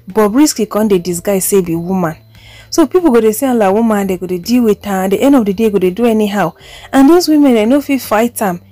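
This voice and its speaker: A woman's voice: mid-range voice, mellow, no echo. A woman with a Nigerian accent giving casual gossip commentary as a vlogger, chatty and switching between Pidgin and English.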